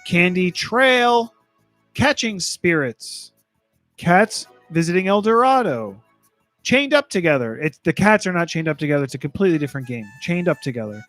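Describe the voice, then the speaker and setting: High-voiced man joking through game releases. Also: animated, moderate pace, a bit bright, no room sound, soft background music. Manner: joking, stumbles over game titles. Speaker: podcast co-host reading release lists. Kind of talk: casual podcast chat.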